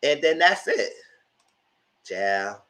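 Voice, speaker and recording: Animated man in casual commentary. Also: a little high, slow pace. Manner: reads text messages aloud and reacts. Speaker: commentary vlogger.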